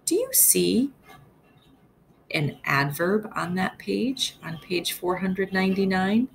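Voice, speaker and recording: With a mid-range voice carrying some vocal fry and a faint hiss or hum, a woman teacher reads a storybook aloud to young children. She goes slowly and expressively, pausing to quiz her small listeners in this read-aloud lesson.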